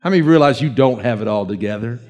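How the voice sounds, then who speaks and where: A middle-aged man preaching a conversational, animated sermon, slowing to hushed readings of scripture. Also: medium pitch. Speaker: pastor.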